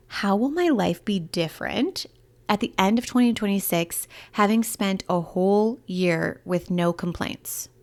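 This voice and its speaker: A woman in her thirties hosting a solo podcast, chatting in an upbeat, candid way with lots of fillers. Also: medium pitch. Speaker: podcast host and breakup coach. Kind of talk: casual solo podcast talk.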